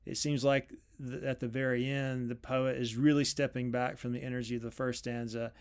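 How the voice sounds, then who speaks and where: A middle-aged man explains a poem in a relaxed lecture. His voice sits at an ordinary middle pitch, and he thinks aloud with ums and quick corrections while reading lines out. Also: clean tone. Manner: thoughtful, reads lines aloud, frequent ums and self-corrections. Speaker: literature teacher. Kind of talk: spoken lecture on poetry.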